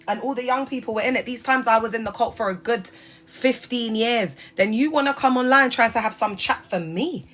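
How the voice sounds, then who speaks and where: A British woman hosting a casual livestream chat, talking in lively slang and laughing often. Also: on the high side, brisk. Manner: chatty and animated, laughs often, heavy slang. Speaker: livestream host.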